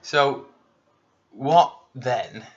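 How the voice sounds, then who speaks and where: A man's voice: mid-range voice, very slow. A man hosting a casual podcast interview, asking chatty, leading questions with playful asides. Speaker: podcast host. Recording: muffled lo-fi podcast recording.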